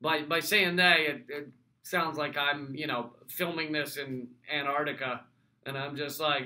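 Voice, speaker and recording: A man answering viewer mail in a loose, sarcastic commentary. His voice sits high and comes out bright and cutting. He trips over restarts and throws in dry asides. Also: fairly even intonation, measured pace. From United States. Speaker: host.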